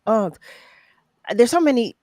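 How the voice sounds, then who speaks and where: A woman's voice: a little high, expressive, measured pace, dark tone, no room sound, studio quality. A woman hosting a live talk show, interviewing guests and greeting viewers by name in an effusive, chatty way. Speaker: host. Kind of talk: casual interview chat.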